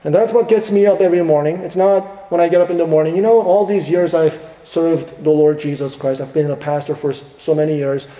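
Emphatic pastor in a reverberant hall. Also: male voice, a little high, brisk, hardly any pauses. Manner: emphatic, swings from hushed to rising. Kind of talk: sermon. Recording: echoey hall with long reverb.

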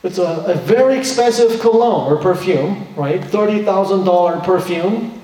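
A male pastor delivers a sermon in a soft-toned, slightly high voice, explaining the passage earnestly and posing rhetorical questions. He sounds distant from the mic. A large hall's long reverb trails after every phrase. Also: moderate pace. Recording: echoey hall from far off.

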